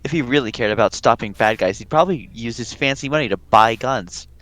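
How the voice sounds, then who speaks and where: A man's voice: mid-range voice, fairly quick, a bit bright, dry recording, rough recording. A man casually reading a webcomic aloud in a group, playful and bantering, swearing now and then.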